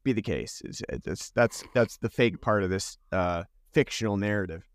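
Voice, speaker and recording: This podcast co-host speaks at a normal speed in a lowish voice, captured in a dry, studio-quality recording. His casual movie review chat about a holiday film is laced with sarcasm, and he keeps starting his sentences over.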